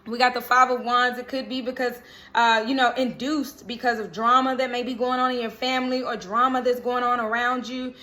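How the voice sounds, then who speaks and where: Bright-voiced woman giving casual tarot readings. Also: a little high, fairly even intonation, brisk. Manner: chatty, reassuring, frequent "okay?" check-ins. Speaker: tarot reader.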